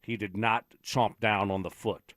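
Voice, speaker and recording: A man's voice: lowish voice, fairly even intonation, unhurried, a bit bright, dry recording, clean studio sound. A man chatting casually on a morning sports radio show and telling a story about his dog. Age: younger adult than co-hosts. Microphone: studio microphone.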